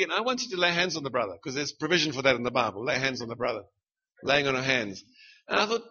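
Middle-aged south african guy preaching, high husky voice, jokey and punchy, dull lo-fi recording. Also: fast. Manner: lively, punchy, humorous preaching with rhetorical questions. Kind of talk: sermon.

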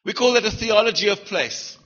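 A man's voice: high-pitched, a little fast, fairly bright tone, dull audio. A middle-aged man with a South African accent preaching a sermon, punchy and humorous, firing rhetorical questions at the congregation.

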